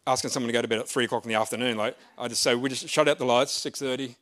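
A man's voice: mid-range voice, fairly even intonation, racing, a bit bright. A middle-aged man, a pastor, telling a story in a sermon in a chatty, self-deprecating way. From Australia. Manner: chatty and self-deprecating, with frequent restarts and laughs.

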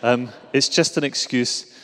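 A man's voice: mid-range voice, a little slow. Glaswegian man preaching a sermon. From Scotland. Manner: relaxed, self-deprecating, with filler hesitations. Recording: reverberant hall.

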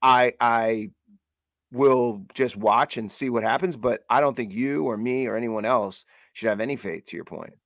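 A man co-hosting a casual sports podcast, talking in a measured way as he reasons through a point. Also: medium pitch, fairly bright tone, no echo, studio quality. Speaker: podcast co-host.

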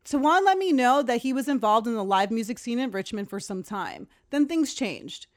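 A woman's voice: a little high, expressive, normal speed. A young woman from Long Island telling a personal story in a candid, profane way, acting out the voices of the people she quotes. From Long Island, New York. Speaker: podcast host. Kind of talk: casual storytelling monologue.

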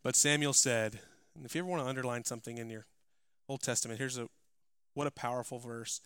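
A male pastor preaching a sermon, climbing to loud, emphatic passages and dropping to quiet asides. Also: medium pitch, steady tone, fast talker, smooth, dry recording, studio quality. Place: church.

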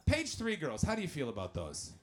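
A man doing stand-up comedy and chatting with the crowd. His delivery is animated and full of swearing, and he swings between shouting and muttering. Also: fairly high pitch, brisk. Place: live comedy venue with audience.

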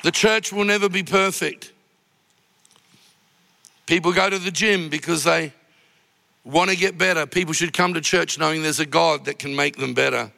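Pastor preaching in a big hall. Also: male voice, a little high, steady tone, normal speed, creaky, pauses often, bright, forceful tone. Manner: emotional storytelling, rising to impassioned cries. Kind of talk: sermon. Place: large church auditorium. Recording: long reverb of a large church hall.

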